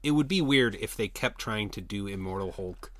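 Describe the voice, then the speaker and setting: A man's voice: fairly low pitch, animated, moderate pace, no echo. A man co-hosting a podcast in casual chat, wry and joking, recorded in a comic book store. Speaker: podcast co-host.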